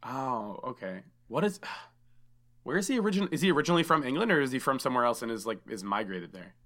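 A man's voice: medium pitch, lively intonation, fairly quick, a bit bright. Curious man hosting a podcast. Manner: curious, asks lots of questions. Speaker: podcast host. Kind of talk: casual podcast chat.

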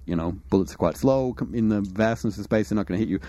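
A man's voice: on the low side, fast, dark tone, dry recording. A man narrating a tabletop game as game master, rambling with many fillers.

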